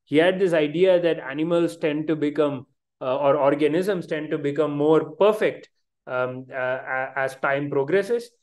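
A man's voice: a little high, unhurried, a little mellow. A man with an Indian English accent giving an online science lecture over a video call, hesitant, with many fillers and restarts.

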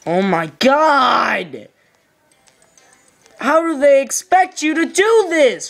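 A woman playing a platform game and yelling frustrated complaints and curses at it. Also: high-pitched, sing-song, slow pace, gravelly, pauses often, faint music behind. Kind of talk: rage gameplay commentary.

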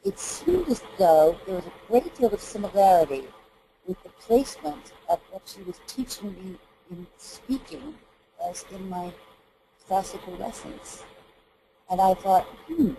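A woman's voice: medium pitch, expressive, measured pace, warm tone, a little hiss or hum, poor audio. A middle-aged woman from Texas, a vocal coach, explaining singing technique in earnest, hesitant speech with frequent fillers. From Texas, USA. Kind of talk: explanatory interview talk.

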